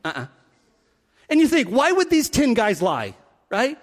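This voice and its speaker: A man's voice: very high-pitched, big-room sound. A man preaching a sermon, acting out the scenes as he tells them. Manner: animated, acts out scenes with quick voice shifts. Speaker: pastor.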